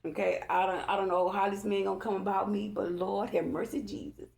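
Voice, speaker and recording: A woman's voice: medium pitch, level tone, brisk, creaky, darkish tone. A woman giving a casual spiritual tarot reading to her viewers, chatty and emphatic, repeating herself and constantly checking in with them. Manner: chatty and emphatic, keeps addressing viewers and asking "okay?"; repeats herself, loose colloquial phrasing. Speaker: tarot card reader.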